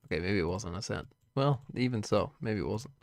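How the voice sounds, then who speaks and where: A man's voice: on the low side, expressive, brisk, no echo. A man hosting a watch-party stream, giving blunt, casual reaction commentary with frequent swearing and wry asides.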